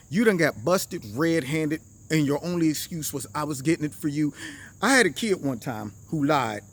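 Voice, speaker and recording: A man's voice: high-pitched, animated, a little fast. A man hosting a casual commentary show, telling stories in slang and acting out the people he quotes. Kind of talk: casual political commentary and storytelling.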